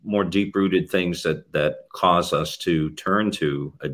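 A man hosting a faith interview, asking gentle, halting questions full of fillers. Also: sits low. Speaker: interview host.

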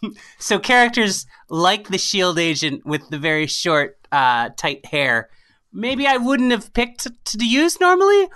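A woman with a bright, clear voice, chatting as a podcast guest. She tells her stories animatedly, often breaking into laughter. Her pitch sits in an ordinary middle range. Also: measured pace. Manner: animated storytelling with frequent laughs. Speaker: podcast guest, writer and storyteller. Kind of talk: casual interview chat.

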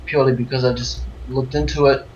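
A man with a New Zealand accent, talking as an interview guest. He rambles in an easy, unhurried way, padding his thoughts with fillers. The line sounds a little dull, with a faint hiss behind it. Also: medium pitch. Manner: relaxed, rambling with many fillers. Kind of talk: casual remote interview.

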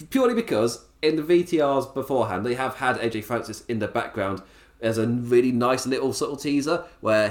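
A man runs through a wrestling recap on his own, chatty and keen, laughing at his own asides. His mid-height voice swings up and down a great deal. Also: medium pitch. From England. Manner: chatty, laughs often, enthusiastic. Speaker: wrestling show reviewer. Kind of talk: casual solo recap podcast.

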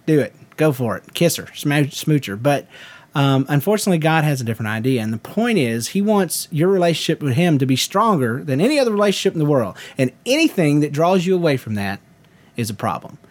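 A man puts on a loud, charismatic Southern preacher with a folksy twang. The voice sits a bit high and swoops all over. The delivery is emphatic in a mock sermon. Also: sing-song, a little fast. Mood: preachy.

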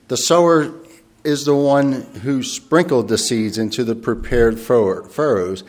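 Earnest man preaching a sermon. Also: mid-range voice. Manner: thoughtful and earnest, often pausing and rephrasing; reads scripture aloud slowly and formally.

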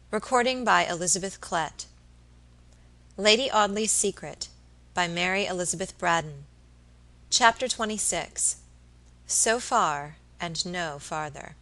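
Bright woman narrating an audiobook. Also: lowish voice, poor audio.

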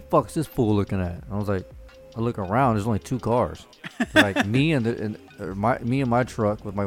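A man, telling stories in a casual, profane chat, often laughing as he talks. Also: on the low side.

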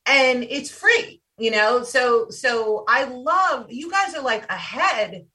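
A woman's voice: on the high side, expressive, slow, sharp tone, far from the mic. A woman from New York co-hosting a podcast who talks in an enthusiastic, rambling way and gives the guests compliments. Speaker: podcast co-host. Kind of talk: casual podcast conversation.

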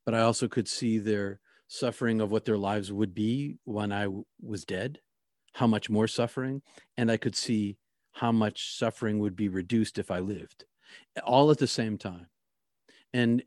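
A man recounting a personal experience in a reflective, halting way, often restarting his sentences. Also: lowish voice, darkish tone, no echo, studio quality. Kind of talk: personal testimony.

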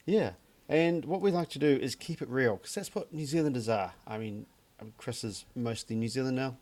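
A man's voice: medium pitch, normal speed, darkish tone. A man co-hosting a casual podcast about gin, talking in a dry, joking way with plenty of fillers. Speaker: podcast co-host. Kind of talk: casual chat.

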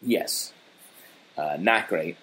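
A man with a fairly low voice, talking in a loose, easygoing way as he recaps a TV episode. He keeps slipping into goofy riffs while he chats with a co-host. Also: drawn-out words, fairly bright tone. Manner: joking, easygoing, drifts into silly riffs. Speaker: podcast co-host. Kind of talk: casual TV recap chat.

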